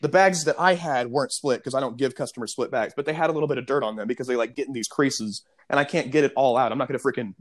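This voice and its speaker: A young man casually telling a story on a podcast, animated, acting out the people in it. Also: mid-range voice, rapid-fire, few pauses. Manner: animated storyteller, mimics customers.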